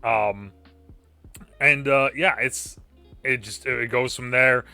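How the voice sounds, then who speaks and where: Very bright-voiced podcast co-host. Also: male voice, medium pitch, takes it slowly, soft background music. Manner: filler-heavy, hedging talk with many "like"s. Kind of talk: casual chat.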